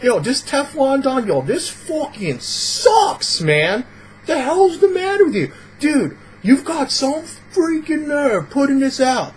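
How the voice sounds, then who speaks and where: Man putting on a loud rude heckler, yelling, swearing, pitched far up, shouting from a distance. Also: big pitch swings, slow pace, heavily acted. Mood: angry heckling. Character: rude loud male vaper heckling a vendor.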